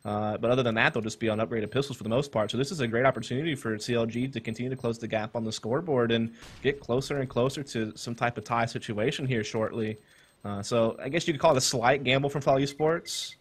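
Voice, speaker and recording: A man casting a competitive shooter match, calmly breaking down team tactics and holding back his excitement. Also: mid-range voice, slightly rough. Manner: fast, analytical, holds back his excitement. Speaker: esports caster. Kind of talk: play-by-play game commentary.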